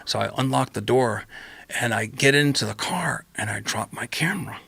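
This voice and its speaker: A man with a gravelly, creaky edge and a bright, forceful tone tells a personal story as a podcast guest. He talks in an animated, rambling way, jumps into tangents and acts out what he said back then. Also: mid-range voice, moderate pace, no echo. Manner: acts out his own quoted remarks, tangential and repetitive.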